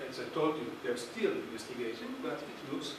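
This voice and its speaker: A man giving a public lecture in a hall, halting and searching for words, with many fillers. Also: medium pitch, big pitch swings. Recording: echoey hall, distant, noisy.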